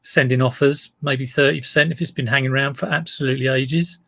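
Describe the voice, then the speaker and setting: A man's voice: medium pitch, fairly even intonation, fast talker, creaky, a bit bright, dry recording. Chatty man greeting viewers. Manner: chatty, greeting viewers by name, rambling asides. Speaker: online reseller streaming live. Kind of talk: casual live-stream chat. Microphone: desk mic in front of him.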